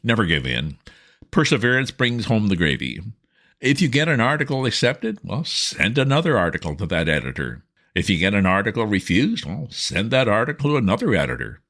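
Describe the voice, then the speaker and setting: A man voicing a jovial, exuberant young gentleman who talks in a hearty, breezy way. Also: lowish voice, sing-song, fairly quick, voice pushed up, exaggerated voice.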